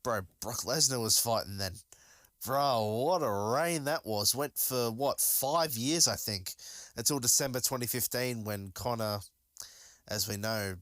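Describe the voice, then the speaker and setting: A man's voice: on the low side, sharp tone, no room sound. A man hosting a solo podcast, talking casually and enthusiastically, rambling with many fillers and restarts. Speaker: podcast host.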